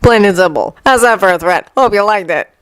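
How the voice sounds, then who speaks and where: A woman voicing a cocky, sarcastic man in quick, mocking banter. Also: mid-range voice, fairly bright tone, no echo, lightly acted.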